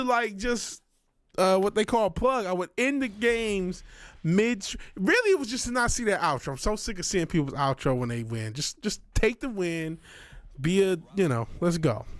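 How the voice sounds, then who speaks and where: Man, game streamer, high voice, lively swings, profane ranting, mutters and shouts. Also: dry recording. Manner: profane, frustrated ranting between low mutters and sudden shouts. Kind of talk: live gaming stream commentary. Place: home studio.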